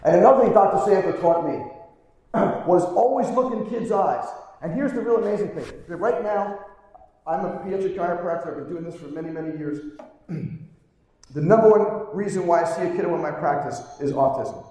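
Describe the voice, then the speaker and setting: A man's voice: high-pitched, animated, fairly quick, warm tone. A middle-aged man, a pediatric chiropractor, tells earnest stories to a live conference crowd and keeps asking them "right?". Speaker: pediatric chiropractor giving a keynote. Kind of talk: live conference talk, storytelling. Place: large conference hall, live on stage. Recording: very echoey hall, distant mic.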